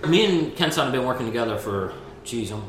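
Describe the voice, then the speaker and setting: A middle-aged man who runs a sake program and used to be a chef, telling animated stories in a casual interview, laughing often and restarting his sentences. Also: medium pitch, fast, background noise. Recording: roomy echo with faint ambience.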